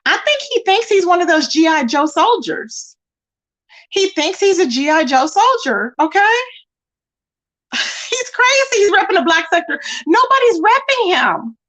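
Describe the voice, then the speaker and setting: A woman hosting a live stream, chatting casually with viewers and mocking a rival in an animated way. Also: very high voice, normal speed. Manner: animated and mocking, addressing chat as y'all. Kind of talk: casual gossip commentary.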